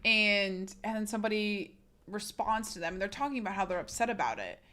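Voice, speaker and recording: A woman's voice: medium pitch, expressive, fairly quick, bright, forceful tone. A woman streamer, sick, talking frankly and casually straight to her live chat.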